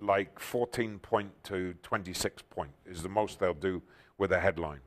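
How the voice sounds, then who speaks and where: An older man recounts stories as a guest, his lowish voice leaping into loud, excited exclamations. He talks like a seasoned showman, enthusiastic and theatrical. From England. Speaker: talk show guest. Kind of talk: animated storytelling interview.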